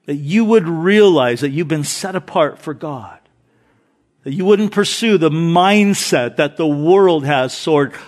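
A middle-aged male pastor preaching a sermon, mixing scripture readings with humorous stories. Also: on the high side. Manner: animated storytelling with jokes and scripture reading.

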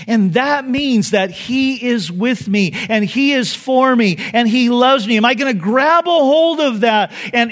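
This is a man delivering a fervent sermon as a pastor, throwing out rhetorical questions and going hushed and low to stress important lines.

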